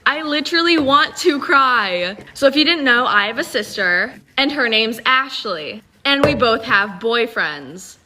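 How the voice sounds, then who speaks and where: A young woman casually telling a creepy storytime, with slang and lively quoted dialogue. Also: a little high, measured pace, few pauses, a little hiss or hum. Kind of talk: storytime video.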